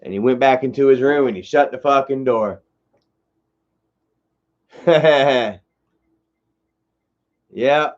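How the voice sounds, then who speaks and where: A man's voice: mid-range voice, fairly quick, darkish tone, dull audio. A man telling a long personal story on a livestream, rambling and cursing, full of "you know" and "bro.". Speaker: streamer.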